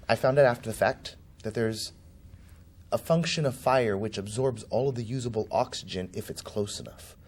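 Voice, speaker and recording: In a mid-range, slightly mellow voice, a man interviewed as a political candidate tells a personal story vividly, performing the voices of the people in it.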